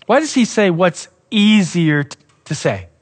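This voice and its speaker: A man pastor preaching a sermon, acting out quoted voices and dropping soft for emphasis. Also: high voice, big pitch swings, a little slow, breathy edge.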